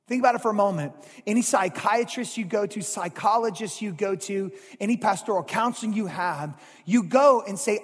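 Husky, high-pitched male pastor, animated sermon delivery, long hall reverb. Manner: animated preaching, swings from loud to hushed.

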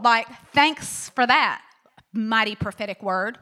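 A woman pastor delivers a sermon in a lively, conversational manner. She reads scripture and acts out the people in it. Her voice sits a little high and sounds bright and forceful. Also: normal speed. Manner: animated, conversational preaching with acted-out quotes.

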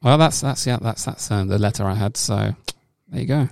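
A man's voice: on the low side, moderate pace, vocal fry, a little mellow, a little hiss or hum. A man co-hosting a podcast, joking crudely and swearing freely in casual banter. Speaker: podcast co-host.

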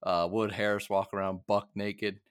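A man's voice: on the low side, little pitch movement, moderate pace, clean tone, dry recording, clean studio sound. A young man co-hosting a podcast, recapping a TV episode in casual, rambling chat with many fillers and frequent laughs. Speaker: podcast co-host.

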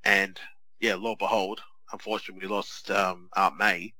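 This is a man, talking on a podcast in a chatty, animated way and restarting his sentences often. His voice is fairly low but very bright and sharp. The sound is dry and close, with no room around it. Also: normal speed, no echo, low-quality recording. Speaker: podcast co-host. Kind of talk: casual chat.

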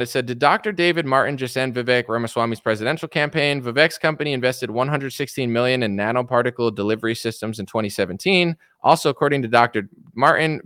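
A man giving casual political commentary on a stream, animated and mocking, acting out the people he quotes. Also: mid-range voice, smooth, dry recording, clean studio sound.

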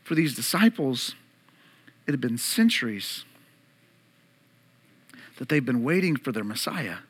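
A man's voice: mid-range voice, sing-song, unhurried, fairly bright tone, husky. A male pastor preaching an Easter sermon, earnest and direct, asking his congregation questions as he goes.

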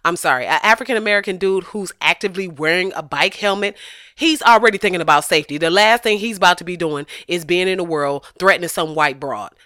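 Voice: medium pitch, fast, pushed and bright, no echo, clean studio sound. A vlogger ranting in blunt, profane commentary, speaking emphatically and swearing freely.

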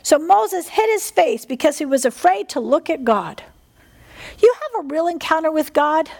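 A middle-aged woman preaching a fervent sermon, often asking her listeners for an "Amen". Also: high voice. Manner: fervent, animated, asks the congregation "Amen?".

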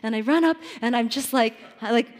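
A woman's voice: fairly high pitch, brisk. A woman in her thirties giving a personal faith talk, telling stories with lots of laughter and fillers. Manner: animated storytelling, laughs often, many fillers. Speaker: Christian speaker.

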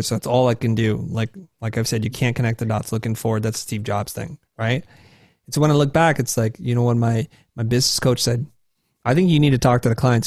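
A man in his forties, a guest telling candid stories in a self-deprecating, animated way, jumping up high when he acts out his past self. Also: dry recording, clean studio sound. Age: 40s. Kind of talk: candid conversational storytelling.

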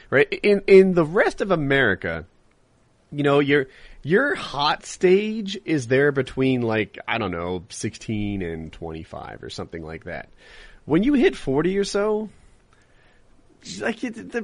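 A man hosting a podcast, talking in a loose and candid way with plenty of restarts. His pitch rises and falls a lot as he goes. The sound is dry, with no room echo. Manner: candid, rambling, laughs easily, frequent restarts. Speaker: podcast host and live streamer. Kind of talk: casual chat.

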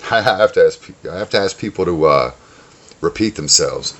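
A man's voice: low-pitched, lively intonation, moderate pace, fairly bright tone, lo-fi sound. A man with no regional accent, hosting a podcast in casual chat, blunt and joking, laughing at his own jabs.

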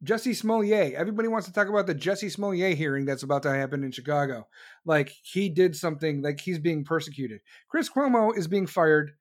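A man delivering a profane, sarcastic political rant as commentator. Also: fairly high pitch. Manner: angry, sarcastic, mocking.

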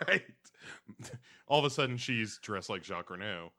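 A man chatting casually as a podcast co-host, recapping a TV episode and slipping into quick character impressions. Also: fairly low pitch, animated, sharp tone.

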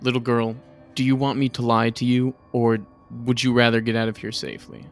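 A man voicing a calm, blunt adventurer who speaks plainly and without tact in a tabletop game. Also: medium pitch, fairly quick, soft background music, close to an everyday voice.

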